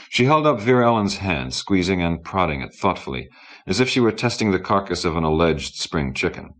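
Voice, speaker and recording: Male narrator, very deep, steady measured audiobook read. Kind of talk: audiobook reading.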